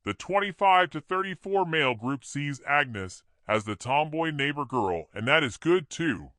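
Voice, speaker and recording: A man voicing a male campaign strategist with a German accent in a storybook reading, talking brisk and businesslike. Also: a little high, very animated, sharp tone, no echo, clean studio sound, voice pushed up, heavily acted.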